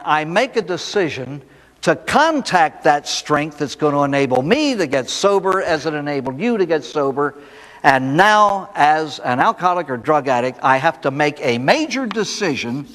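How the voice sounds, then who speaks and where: A man's voice: fairly high pitch, fairly bright tone. A man, a priest, giving a recovery talk to an audience, telling folksy stories and asking rhetorical questions. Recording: echoey hall recording.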